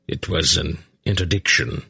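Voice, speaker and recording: A man reading the part of an aged, gruff sorcerer who is a grandfather, speaking warily and proudly. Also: very deep voice, moderate pace, bright, forceful tone, no room sound, studio quality, heavily acted. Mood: explaining. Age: older.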